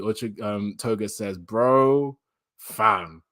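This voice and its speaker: A man giving casual, excitable reaction commentary on a manga chapter, full of slang. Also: lowish voice, slow. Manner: excitable, slangy, reads panels aloud with bursts of laughter.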